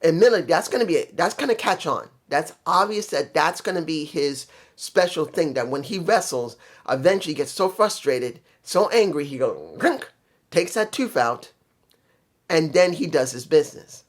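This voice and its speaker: Male solo wrestling reviewer, slightly high voice, chatty and opinionated, thinks out loud. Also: expressive, normal speed. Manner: opinionated, thinking aloud with fillers and restarts. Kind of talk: casual solo commentary.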